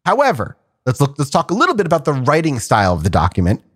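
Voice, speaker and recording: A man's voice: mid-range voice, huge pitch swings, fast talker, a bit bright, breathy edge. A man co-hosting a casual podcast over a video call, presenting research in a rambling way with lots of fillers and restarts. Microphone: remote call over a video chat app.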